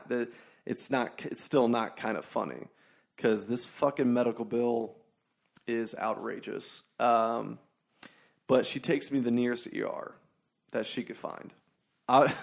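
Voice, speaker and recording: Gravelly young man rambling on a podcast. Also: medium pitch. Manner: rambling, profane, storytelling with many fillers. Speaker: podcast host. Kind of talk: casual solo podcast monologue.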